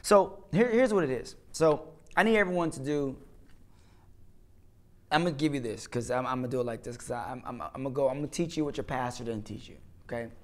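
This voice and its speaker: A man's voice: medium pitch, fairly quick. A man, a comedian and actor, talking as an interview guest in an emphatic, repetitive, preaching way, often asking "you know what I'm saying". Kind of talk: casual interview talk, preaching tone.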